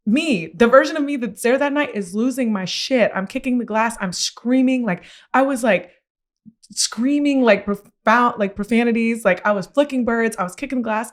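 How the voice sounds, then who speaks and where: A woman hosting a podcast, telling a personal story in a candid, slangy way, her voice climbing when she gets worked up. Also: a little fast. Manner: animated, rising pitch when excited; casual, slangy. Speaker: podcast host.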